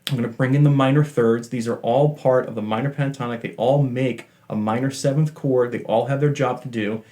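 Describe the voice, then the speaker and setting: A man's voice: medium pitch, steady tone, fairly quick, dark tone. A man giving a casual, chatty guitar lesson, joking about himself and apologizing for talking so much. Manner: chatty, self-deprecating, apologizes for talking a lot. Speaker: guitar teacher.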